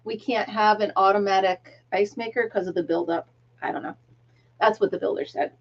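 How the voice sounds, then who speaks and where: A middle-aged woman hosts a casual crochet livestream, chatting, laughing often, and counting stitches aloud despite a tickle in her throat. Her voice sits at medium pitch with a steady tone and normal speed, and the recording has its highs cut off.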